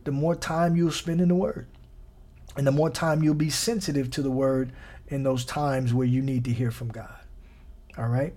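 A man's voice: fairly high pitch, a little mellow. Exhorting man preaching a podcast sermon. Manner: repetitive, exhorting, rising to emphatic peaks.

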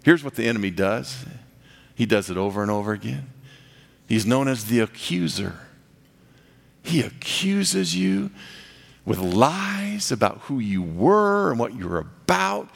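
A man preaching a sermon as a pastor, moving between hushed, intimate asides and raised, impassioned passages. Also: medium pitch, gravelly.

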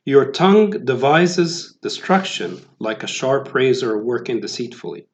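A man's voice: mid-range voice, lively intonation, measured pace. A man giving a sermon, talking in a conversational way with many fillers and restarts. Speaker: preacher. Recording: roomy, dull lo-fi sound.

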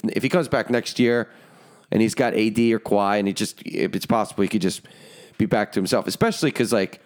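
A man co-hosting a casual sports podcast, easygoing and rambling, with lots of "like". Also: on the low side. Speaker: podcast co-host.

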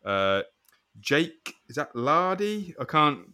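A man's voice: fairly high pitch, sing-song, slow, pushed and bright, clear, resonant tone. A man hosting a casual podcast chat, joking and swearing as he goes through names. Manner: banter with swearing. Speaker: podcast host.

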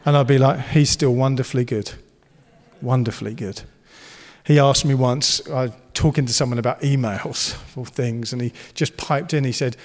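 A man's voice: medium pitch, fairly even intonation, normal speed, in a large hall. A man preaching a sermon, earnest and encouraging, and he slips into playful banter. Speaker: pastor.

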